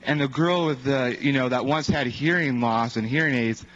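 A man's voice: mid-range voice, moderate pace, fairly bright tone, slight background noise. A man casually telling a faith-healing testimony, rambling with many fillers and acting out the quotes of others. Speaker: evangelist sharing a testimony. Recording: dull lo-fi recording.

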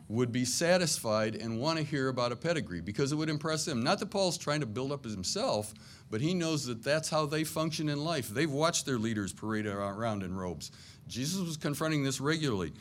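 A man's voice: mid-range voice, animated, moderate pace, slight background noise. A middle-aged man preaching a sermon to a congregation in a church, conversational and self-deprecating, with jokey asides. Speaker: pastor.

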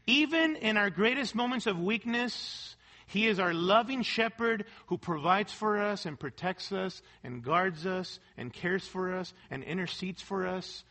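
A man's voice: high voice, bright, forceful tone. A male pastor preaching a sermon, asking the congregation for amens and posing rhetorical questions as he reads scripture. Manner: preaching with call-and-response "amen" and rhetorical questions; reads scripture and quotes aloud, sometimes half-singing a hymn.

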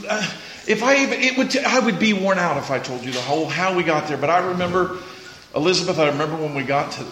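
A man preaching a sermon as pastor, dropping to hushed prayer and rising to loud rapid exhortation, asking the congregation for responses. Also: high voice, reverberant, slight background noise, low-quality recording. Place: church sanctuary.

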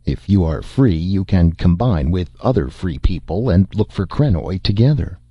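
A man's voice: sits low, animated, normal speed, slightly rough, no echo, dull audio. A man playing a wry, resourceful adventurer. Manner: dry, wry humor. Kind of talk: audiobook character voice.

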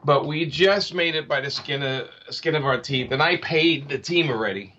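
This comic book creator, interviewed casually, has a bright, forceful voice on the higher side and speaks at a normal speed. He keeps restarting and filling gaps as he rambles, captured on slightly dull, lo-fi audio.

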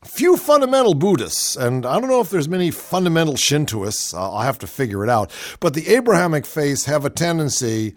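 Wry man with a lively, swooping voice. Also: a little high, a little fast, hardly any pauses, dry recording. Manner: wry, sardonic asides. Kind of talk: opinionated monologue.

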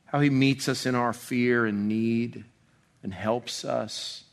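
A man preaching an expository sermon in a conversational way, full of restarts, dropping soft and slow on tender passages. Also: mid-range voice, steady tone, gravelly. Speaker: pastor.

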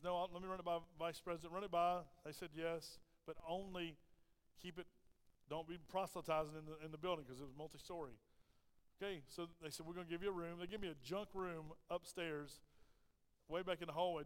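A man's voice: a little high, smooth. A man preaching a sermon, telling a personal story and acting out the voices of people in it. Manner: animated storyteller, acts out quoted voices. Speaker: pastor. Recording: long hall reverb.

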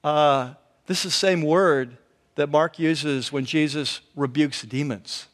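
A man preaching a conversational sermon as a pastor, telling the story in an animated way and acting out the quotes. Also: on the high side, slow. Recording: long hall reverb.

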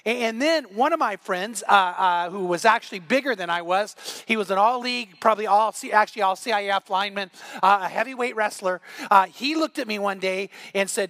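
A man's voice: sits high, a little fast, few pauses, sharp tone, dry recording. A middle-aged man preaching a sermon as pastor, telling stories and acting out the voices in them. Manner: storytelling, acts out quoted voices.

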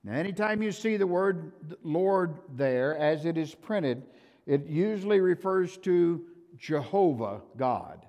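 An older male pastor preaching a sermon, emphatic and swinging from loud to soft, in a church sanctuary. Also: a little high, animated, slow, lo-fi sound. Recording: reverberant church hall.

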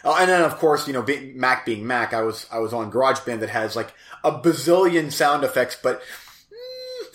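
A man's voice: mid-range voice, huge pitch swings, moderate pace, a bit bright, roomy sound. A man co-hosting a casual podcast chat, rambling and self-deprecating, with lots of fillers and a crackly voice. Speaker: podcast co-host.

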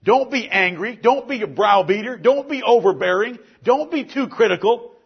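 A man's voice: sits high, animated, moderate pace, creaky, breathy edge, dull audio. A man preaching a sermon as pastor, building emphasis through repeated lists.

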